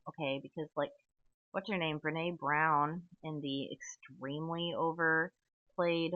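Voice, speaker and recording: A woman's voice: low voice, no room sound. A woman hosting a solo podcast, talking in a long rambling monologue full of tangents and "okay?" asides. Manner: tangential, chatty, frequent "okay?" and fillers. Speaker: podcast host. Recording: tinny, phone-like dry audio.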